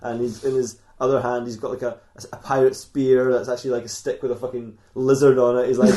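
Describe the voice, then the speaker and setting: Man, comedy podcast host, rambling improvised story, giggly, restarts, medium pitch. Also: little pitch movement, fairly quick, few pauses, warm tone, reverberant.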